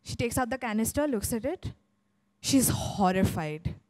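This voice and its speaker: Animated woman storyteller. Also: fairly high pitch, dry recording, low-quality recording. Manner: animated, comic, with dramatic pauses. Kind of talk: stage storytelling.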